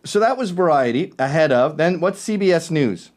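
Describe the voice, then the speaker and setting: A man's voice: fairly high pitch, expressive, normal speed. A male show host ranting sarcastically in a casual monologue.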